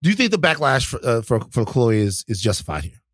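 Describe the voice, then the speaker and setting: Man, podcast co-host, lively swooping pitch, teasing and incredulous, dry mic. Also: fast, dry recording. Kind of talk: casual podcast discussion.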